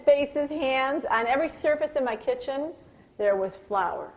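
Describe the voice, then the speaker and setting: A woman leads a live parenting workshop with an animated storytelling manner and questions for the room. Her voice sits fairly high. It comes through on a dull, lo-fi recording. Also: a little slow. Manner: acts out yelled lines in a high, loud voice. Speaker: parenting and communication speaker. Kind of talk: live workshop talk with personal stories.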